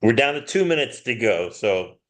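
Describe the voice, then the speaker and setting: A man in an online Q&A, unhurried, prompting people to ask questions. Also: mid-range voice, sing-song, a bit bright. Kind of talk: casual online Q&A.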